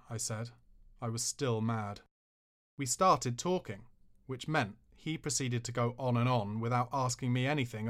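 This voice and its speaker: A man hosting a podcast, reading celebrity stories aloud in a measured, expressive way. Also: mid-range voice. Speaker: podcast host.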